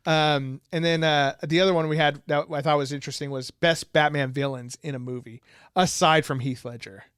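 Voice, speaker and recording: Lively, clear-voiced podcast host, male. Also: a little high, a little fast, no room sound, clean studio sound. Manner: laughs often, enthusiastic and chatty. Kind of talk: casual chat.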